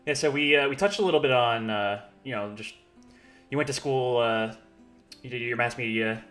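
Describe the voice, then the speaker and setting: A man hosting a podcast, easygoing and quick to laugh as he asks his guest questions. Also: mid-range voice, fairly bright tone, faint music behind. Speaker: podcast host. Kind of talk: casual chat.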